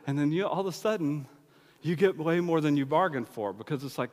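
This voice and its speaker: High-voiced preacher in an echoing hall. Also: male voice, a little fast. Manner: conversational preaching with acted-out dialogue. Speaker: pastor. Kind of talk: sermon. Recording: long hall reverb.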